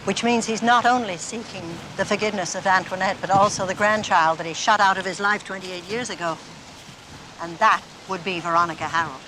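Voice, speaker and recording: A woman's voice: medium pitch, steady tone, fairly quick, close to an everyday voice. Jessica Fletcher, a woman playing her: shrewd amateur sleuth. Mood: deducing. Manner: crisp, firm, probing. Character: shrewd, inquisitive woman sleuth, firm and composed. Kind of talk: television drama acting. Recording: noisy TV soundtrack.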